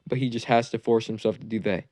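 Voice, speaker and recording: A man's voice: lowish voice, steady tone, fast talker, a little mellow, no room sound, studio quality, close to an everyday voice. A man voicing a scheming, treacherous male ninja teacher who taunts and gloats, in a fan-made anime story. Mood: taunting.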